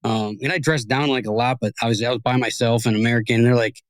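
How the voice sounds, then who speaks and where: Fast-talking man swapping profane stories. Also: medium pitch, no echo. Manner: swears freely, animated and rambling. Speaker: podcast host. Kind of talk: casual chat, storytelling.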